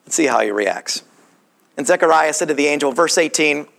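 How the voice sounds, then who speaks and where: A male preacher delivers a sermon in a relaxed teaching manner. His pitch rises and falls expressively, and a gravelly fry colors his voice. He often poses rhetorical questions to his listeners. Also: brisk.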